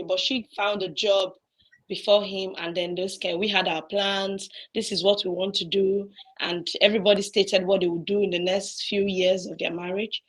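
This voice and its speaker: Soft-spoken woman caller, husky. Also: medium pitch, low-quality recording. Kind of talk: sharing a personal story on a call-in show. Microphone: remote call line. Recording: faint, breaking call audio.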